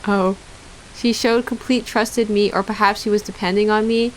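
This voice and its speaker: A woman's voice: medium pitch, fairly even intonation, a little fast, slight background noise. Young woman streamer reading a visual novel. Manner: reads narration evenly, breaks into giggly casual asides.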